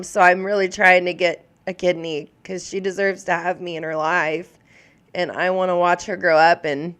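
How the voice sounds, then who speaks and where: A woman's voice: fairly low pitch, clear, resonant tone. A woman in her thirties chatting casually on a live stream, rambling and openly emotional, with lots of filler words. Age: 30s. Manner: warm and openly emotional toward viewers. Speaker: live streamer answering viewer questions.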